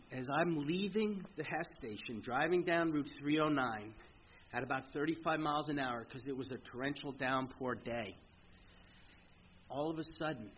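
A middle-aged man speaking earnestly at a recovery meeting, telling his story in a halting way with frequent restarts. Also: medium pitch, a little hiss or hum. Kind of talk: personal recovery testimony. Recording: muffled lo-fi meeting recording with faint ambience.

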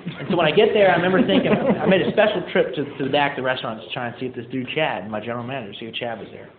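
Over a noisy background, a man races through his recovery story for a live audience, his voice medium in pitch. He's casual and self-mocking, using lots of fillers and acting out quotes, and the hall recording sounds tinny and echoey.

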